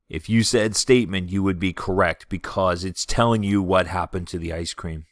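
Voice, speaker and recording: Pitched low, a man gives a third grade video lesson, explaining with clarity and patience and reading example sentences in a slow, expressive way. The sound is clean studio audio with no room sound.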